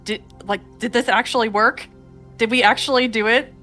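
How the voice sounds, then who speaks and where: Brief: woman doing a gushing young heroine, voice sitting a touch high, breathless. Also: fairly even intonation, moderate pace, sharp tone, faint music behind. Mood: excited. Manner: breathless and gushing, with many fillers.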